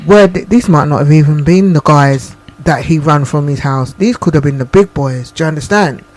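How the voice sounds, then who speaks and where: A woman's voice: low-pitched, moderate pace, a little mellow. A woman co-hosting a radio talk show, making her points emphatically and checking that she is understood. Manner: emphatic, repeats points and asks "do you understand?". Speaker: co-host.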